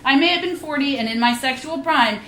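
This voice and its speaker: A woman's voice: high voice, a little fast, sharp tone, a little hiss or hum. A woman in her fifties giving a live reading of her memoir, wry and candid, with frank asides, at a reading venue. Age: 50s. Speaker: reading series host and author. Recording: echoey room.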